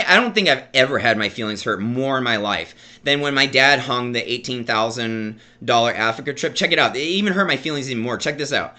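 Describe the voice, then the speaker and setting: A man's voice: medium pitch, bright, forceful tone. A man in his thirties telling a personal story in a casual vlog, rambling, stammering and repeating words as he talks to his viewers. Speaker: vlogger.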